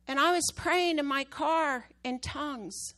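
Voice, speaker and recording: A woman's voice: high-pitched, measured pace, pushed and bright. A woman preaching to her church, telling a story with emphatic, rising bursts at the key moments. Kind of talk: sermon testimony.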